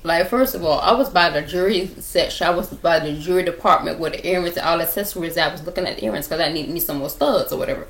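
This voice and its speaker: A young woman with a gravelly, fry-edged voice on the low side spins a rambling storytime for her viewers. She circles back over the same points and speaks to them directly, recorded on a laptop at home. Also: quick pace, few pauses, a little hiss or hum. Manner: rambling, repeats herself, talks straight to viewers. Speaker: vlogger telling stories. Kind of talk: casual storytime chat.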